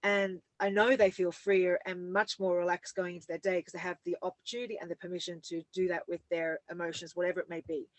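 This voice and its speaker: A woman's voice: on the low side, little pitch movement, fast, hardly any pauses, dry recording. A woman who teaches fitness classes, hosting a casual chat and affirming what her guest says in a reflective way. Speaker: fitness instructor and host.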